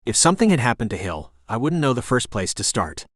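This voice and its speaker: A man's voice: medium pitch, sing-song, quick pace, a bit bright, no room sound. A man narrating a romance audiobook in the first person, with an intense, dramatic delivery on a studio microphone.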